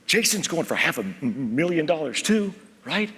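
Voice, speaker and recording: A man giving a motivational keynote, telling stories, calling out to the crowd and dropping to a hush for serious points. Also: fairly high pitch, big pitch swings, moderate pace, slightly rough, in a large hall. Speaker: keynote speaker. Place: large conference hall.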